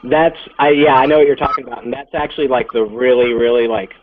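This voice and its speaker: A man's voice: medium pitch, steady tone, quick pace, a crowd in the background. A man with a Southern US accent, chatting in an easygoing, wry way on a live hangout. The sound is thin and tinny, like a phone line. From American South. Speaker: guest motovlogger. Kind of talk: casual live chat.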